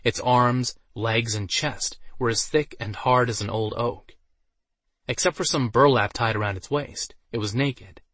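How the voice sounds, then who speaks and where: A man narrating a fantasy story in a steady, even storytelling manner. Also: medium pitch, measured pace. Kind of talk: audiobook narration.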